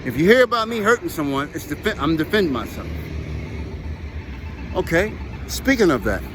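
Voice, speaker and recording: High, lively-voiced man rambling on a walk. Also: normal speed, noisy background. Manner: rambling, emphatic, repeats himself. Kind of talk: casual chat while walking. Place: outdoors on a walk.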